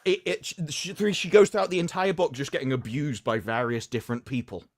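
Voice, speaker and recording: A man's voice: on the high side, a little fast, very noisy. A man co-hosting a casual livestream chat, rambling and stammering over repeated words as he tells stories.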